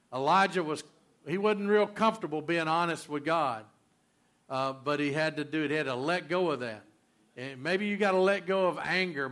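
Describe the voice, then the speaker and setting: A male pastor preaching a sermon, emphatic and repetitive, swinging between loud and quiet. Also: a little high.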